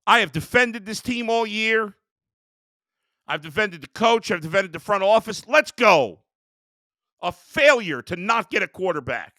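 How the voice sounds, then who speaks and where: A man's voice: sits high, animated, moderate pace, sharp tone, dry recording, clean studio sound. A man hosting a sports show, ranting in a heated, exasperated way about his team. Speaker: sports talk host. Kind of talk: sports rant.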